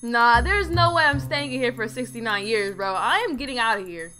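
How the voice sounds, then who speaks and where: A woman's voice: fairly high pitch, a little fast, bright, forceful tone, faint music behind. A young woman narrating a game role-play in a casual, chatty, exasperated way, full of slangy asides.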